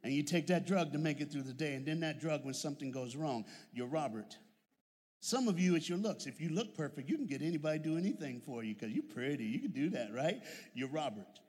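A man preaching a lively, humorous sermon with call-and-response to his congregation, heard with long reverb in a church. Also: fairly high pitch, a little fast, slightly rough.

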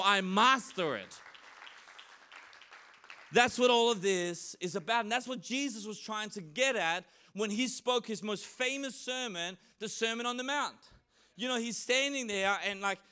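Bright, high-voiced male preacher. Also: clean tone. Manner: lively, acts out quoted voices with humor. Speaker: pastor. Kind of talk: sermon. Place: church.

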